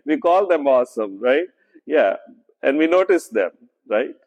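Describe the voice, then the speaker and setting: The man's voice is mid-range, expressive, and a bit mellow, heard in a low-quality recording with big-room sound. He's a pastor preaching a conversational sermon in a church sanctuary, slow and deliberate, with many fillers and repeated "right?" checks.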